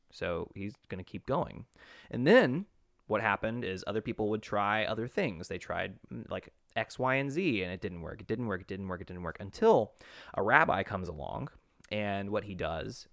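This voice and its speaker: Man, low voice, animated podcast co-host, dry studio sound. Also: dry recording. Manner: animated storyteller, acts out quotes. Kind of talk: casual analytical chat.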